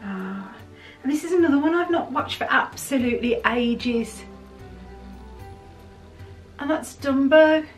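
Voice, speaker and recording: A woman from the United Kingdom, chatting excitedly as she unboxes things for her channel. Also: high voice, a little slow, pauses often, faint music behind. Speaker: vlogger. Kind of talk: casual chat while unboxing. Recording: roomy sound from a distant mic.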